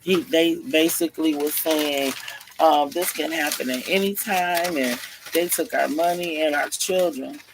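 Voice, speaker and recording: A man's voice: fairly high pitch, measured pace, background noise. A man casually telling a story, acting out the voices of the people in it. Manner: animated, acts out each character's lines.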